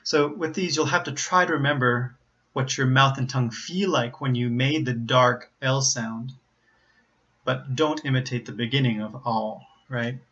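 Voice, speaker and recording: Middle-pitched American man, slow careful teaching, repeats examples, lo-fi audio. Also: a bit bright. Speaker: pronunciation teacher. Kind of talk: explaining pronunciation to learners.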